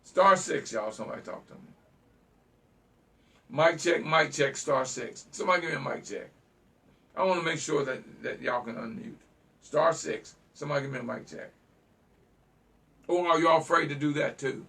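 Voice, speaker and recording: A man hosts a call-in talk show, preaching fiercely at his listeners and repeating phrases and stuttering as he gets worked up. His voice is a little high and slightly bright with a creaky edge, moving at a moderate pace with frequent pauses, recorded from a distance.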